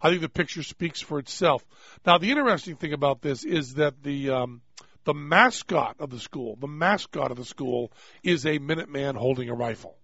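A man's voice: a little high, vocal fry, fairly bright tone, slightly rough, dry recording. A man hosting a radio show, chatting loosely, joking and laughing as he rambles. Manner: rambling, jokey, quick to laugh. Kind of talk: casual radio talk. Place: radio studio. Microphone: studio microphone. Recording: dry, dull-toned studio sound.

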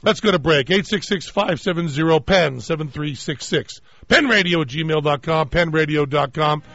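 Guy hosting a radio show, spins a long funny story and does everyone's voices, kinda high voice, dry muffled sound. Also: moderate pace, soft background music. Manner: animated anecdote-teller, mimics voices in retold dialogue. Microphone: studio microphone. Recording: dry, slightly dull radio studio sound.

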